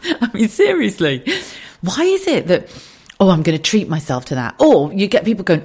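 A woman's voice: medium pitch, normal speed, husky. A woman in her thirties from the UK, hosting a casual solo podcast from her kitchen, chatty and candid with frequent swearing and asides. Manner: chatty, swears freely, animated asides and laughs. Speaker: podcast host. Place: home kitchen.

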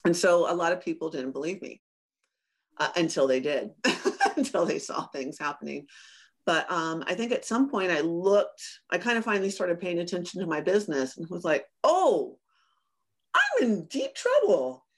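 A woman business coach telling a personal story in a casual interview, animated and often acting out her own remarks with laughs. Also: lowish voice, moderate pace. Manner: animated, acts out quoted lines with laughs.

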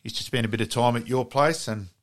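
A man's voice: mid-range voice, fast talker. A man, a podcast co-host reminiscing with a guest in casual chat. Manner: reminiscing, agreeable.

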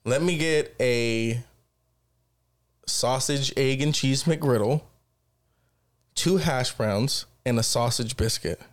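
A man's voice: mid-range voice, takes it slowly, long pauses. A man co-hosting a podcast, telling casual stories full of swearing and acting out both sides of each exchange. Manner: animated, swears constantly, acts out exchanges. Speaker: podcast co-host. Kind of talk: casual profane storytelling.

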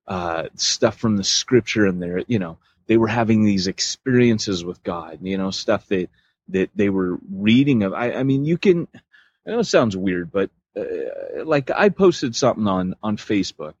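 European male podcast co-host, husky, loose rambling delivery, dull dry recording. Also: fairly low pitch, big pitch swings, moderate pace, dry recording. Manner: rambling, loose, full of fillers. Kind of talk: casual chat.

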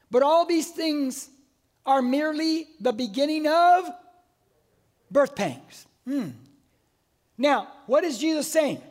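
A man in his sixties with a very high voice preaches to his church. He tells stories with a lot of life and acts out the people in them. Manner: animated storytelling, acts out voices. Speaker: pastor. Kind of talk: sermon. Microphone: wearing a mic.

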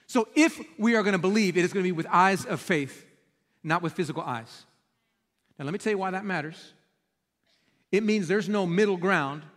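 A male pastor preaching a sermon, telling the story in an animated, emphatic way in a church sanctuary. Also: sits high, in a large hall.

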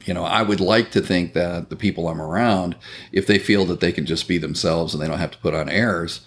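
A man's voice: low voice, brisk. A man talking in a casual podcast conversation, earnest and reflective, swearing now and then.

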